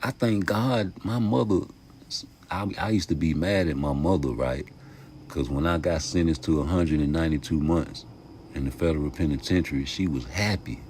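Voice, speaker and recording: A man hosting a casual boxing vlog, talking passionately in heavy street slang and profanity, jumping from loud outbursts to mumbled asides. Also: rumbling low, moderate pace, slight background noise. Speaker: YouTube boxing commentator.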